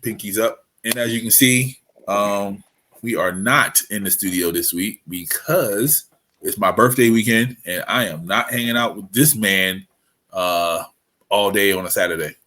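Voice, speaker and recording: A man's voice: on the low side, a little slow, sharp tone, a little hiss or hum. A man co-hosting a podcast, chatting casually and joking around with his best friend. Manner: playful, joking banter. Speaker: podcast co-host. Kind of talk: casual chat. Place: away from usual studio.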